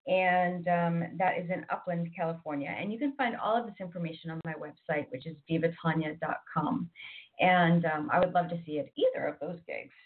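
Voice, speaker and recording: A chatty woman hosts a radio program, rambling through announcements with plenty of ums and restarts. Her voice sits a little low and sounds thin and tinny, as if heard over a phone line. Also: steady tone, brisk. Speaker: radio host. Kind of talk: casual radio chat.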